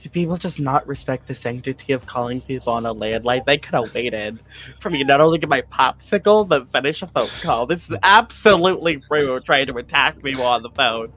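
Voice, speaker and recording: A man playing a tabletop game, joking and animated. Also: medium pitch, fairly quick, slight background noise. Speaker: player. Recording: muffled audio with faint music.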